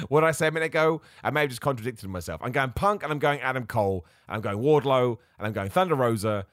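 An excitable man talks through his picks on a solo podcast, mocking himself as he jumps from one idea to the next. His pitch is middling but swings up and down a lot. The sound is close and dry, with no room echo. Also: fast. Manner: excitable, self-mocking, jumps between ideas. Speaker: podcast host.

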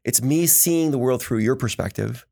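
A man hosting a casual podcast, telling animated stories and acting out the quotes of the people in them. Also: medium pitch, normal speed, creaky. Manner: animated storytelling with acted quotes. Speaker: podcast host.

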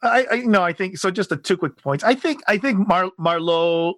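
A man co-hosting a podcast in casual chat, animated and rambling, full of fillers and restarts. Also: high-pitched, moderate pace, no echo. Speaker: podcast co-host.

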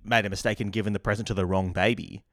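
A man's voice: on the low side, steady tone, fast, a bit bright, no echo. A man co-hosting a casual podcast chat, with a dry, teasing, wry manner. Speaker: podcast co-host.

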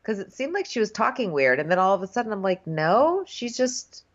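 A woman's voice: mid-range voice, sing-song, brisk, muffled recording. A woman co-hosting a casual comedic chat, chatty and wry, often mocking people in quoted voices. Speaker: podcast co-host.

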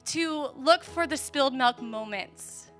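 A woman's voice: high voice, slow pace, fairly bright tone, soft background music. A woman in her thirties preaching a sermon through a personal story, speaking earnestly and candidly, often laughing.

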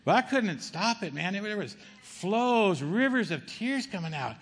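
High-voiced middle-aged man giving testimony. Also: big pitch swings, measured pace, fairly bright tone, in a large hall. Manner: conversational, keeps asking the crowd "okay?" and saying "man". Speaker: testimony speaker. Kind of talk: spoken church testimony.

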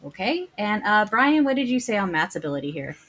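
A woman's voice: medium pitch, sing-song, brisk, a bit bright. A woman hosting a trivia game, reading questions aloud and playfully teasing the players.

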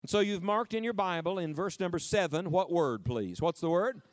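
A middle-aged man preaching a lively sermon to a camp audience, leading call-and-response and stretching out key words for emphasis. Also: sits high, moderate pace, no echo.

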